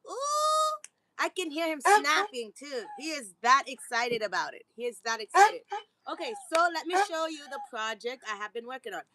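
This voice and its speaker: A woman's voice: high voice, expressive, normal speed, bright, forceful tone, no echo. A young woman vlogging in casual, rambling chat, switching to sing-song praise when talking to her dogs.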